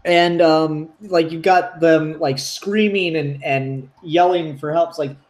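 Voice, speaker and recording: A man co-hosting a casual comics chat, excitable and profane, acting out scenes as he talks. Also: a little high, slow. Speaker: podcast co-host. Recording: roomy echo.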